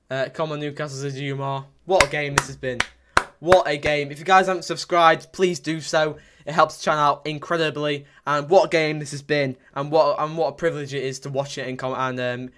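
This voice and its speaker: Young man, fan watchalong commentary, excitable and repetitive, fairly high voice. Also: a little fast. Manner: excitable, repetitive, bursts into shouts at big moments. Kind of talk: live football watchalong commentary, reading chat.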